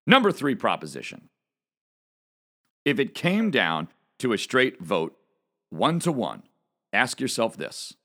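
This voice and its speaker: A man's voice: medium pitch, wildly swooping pitch, slow, pauses often, fairly bright tone. A middle-aged man giving an opinionated political monologue as a commentator, emphatic and repeating his points with rhetorical questions.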